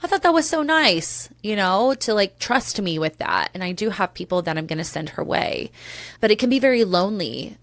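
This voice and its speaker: A woman in her thirties hosts a solo podcast in a mid-range, sing-song voice at a moderate pace. She talks candidly and emotionally, swears casually, and wanders off into tangents.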